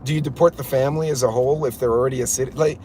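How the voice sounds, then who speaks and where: A middle-aged man hosting a casual livestream from a car, telling a story in an animated, incredulous way. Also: medium pitch, racing, slight background noise. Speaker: livestream host.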